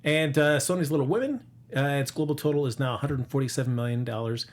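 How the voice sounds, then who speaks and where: Talking fast in a mid-range voice, this host rambles his way through box office figures in a laid-back chat. He leans heavily on fillers and keeps cracking jokes.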